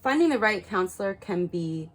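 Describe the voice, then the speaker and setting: A woman's voice: medium pitch, expressive, normal speed, poor audio. A woman reading cards and giving frank spiritual advice to her viewers, swearing freely and repeating words for emphasis. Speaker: tarot card reader. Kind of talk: casual spiritual guidance to camera.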